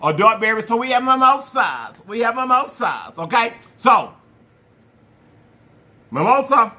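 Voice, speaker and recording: A man hosting a food challenge vlog, talking to viewers in an animated, playful way with slang and drawn-out hype calls. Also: very high-pitched. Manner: slang-heavy, addresses viewers as y'all. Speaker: mukbang channel host. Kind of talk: casual vlog talk to viewers.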